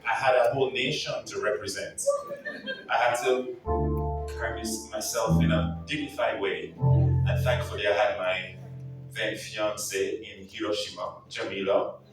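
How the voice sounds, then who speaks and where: A man from Jamaica with a Jamaican accent, telling playful, emphatic stories in a lively speech to a live audience. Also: on the low side, measured pace. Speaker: guest speaker at an anniversary event. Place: large event hall. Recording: echoey hall, far from the mic. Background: piano playing.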